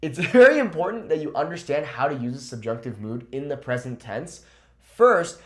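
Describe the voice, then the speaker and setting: Male language teacher, video lesson, animated delivery, slows down on examples. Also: a little high. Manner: animated, stretches out example words slowly. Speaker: Spanish teacher. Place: lives in Mexico.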